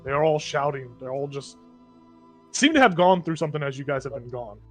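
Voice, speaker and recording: A man's voice: medium pitch, brisk, faint music behind. A man narrating a tabletop game as game master, in a casual, rambling way. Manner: casual, rambling, with many fillers.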